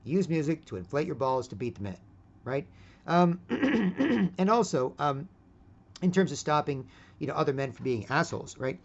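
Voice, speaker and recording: A man's voice: fairly high pitch, sing-song, moderate pace. A middle-aged man in a casual, rambling monologue, blunt and profane, tagging "right?" onto his phrases. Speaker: video host. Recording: dull lo-fi recording.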